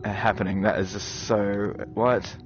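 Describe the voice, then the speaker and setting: A man hosting a gaming video, talking to his viewers in excited, animated commentary, quick to swear and exclaim. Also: on the low side. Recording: slightly dull recording with game music.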